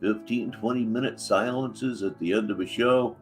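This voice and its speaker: A livestream host with a fairly low male voice and moderate pace makes sarcastic, mocking asides about clips between chats with viewers. Faint music plays behind him.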